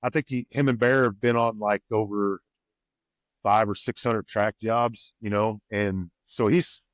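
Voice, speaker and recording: Podcast guest, male, twang, folksy storyteller, lowish voice, dry booth sound. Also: fairly even intonation, measured pace, no echo. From Missouri, USA. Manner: rambling, folksy, quotes others with raised pitch. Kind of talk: casual storytelling.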